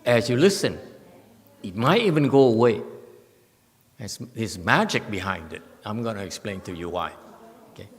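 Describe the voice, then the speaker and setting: A man teaching meditation in an informal talk, speaking haltingly with many restarts and repeated words. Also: fairly low pitch, lively intonation. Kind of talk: informal dharma talk with questions. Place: meditation hall. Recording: long hall reverb.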